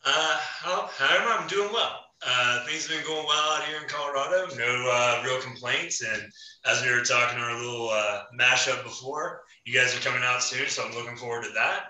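A man who is a podcast guest, speaking in a relaxed way with hesitant fillers. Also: medium pitch, normal speed, echoey room, distant mic, low-quality recording. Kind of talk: casual podcast chat.

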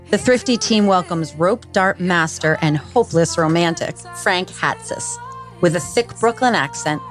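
Low-ish woman host, upbeat promo read, faint music bed. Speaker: podcast host. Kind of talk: scripted promo narration.

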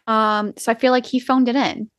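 A woman's voice: on the high side, steady tone, brisk, no echo, clean studio sound. A woman co-hosting a podcast, talking casually and bluntly, with lots of "like" and the odd swear word. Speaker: podcast co-host. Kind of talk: casual chat.

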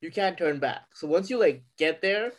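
A man's voice: sits high, lively intonation, normal speed. A young man co-hosting a podcast, speculating casually and stumbling over repeated words. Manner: stammering, speculative. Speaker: podcast co-host. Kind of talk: casual chat.

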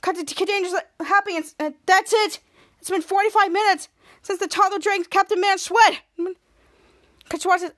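Very high-pitched woman rambling through a recap. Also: moderate pace. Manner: rambling, repeats "cut to" and "somehow"; acts out characters' lines excitedly. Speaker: podcast host. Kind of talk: casual episode recap.

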